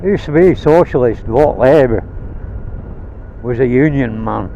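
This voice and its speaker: A man's voice: medium pitch, lively intonation, measured pace, creaky, mellow, lo-fi sound, slight background noise. A man from Rhodesia, a vlogger, ranting bluntly and swearing while riding a motorbike, recorded on a helmet mic. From Rhodesia (now Zimbabwe). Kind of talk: angry rant while riding. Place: on a motorbike outdoors.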